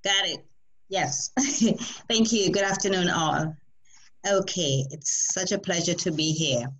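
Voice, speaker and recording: Woman festival organizer, lower voice, friendly webinar welcome. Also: a little slow, fairly bright tone, slightly rough, low-quality recording. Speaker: festival executive introducing a workshop. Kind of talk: webinar introduction. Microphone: video call.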